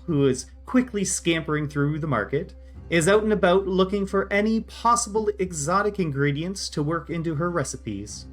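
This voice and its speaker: A man serving as game master, narrating scenes in a steady, descriptive way. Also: on the high side.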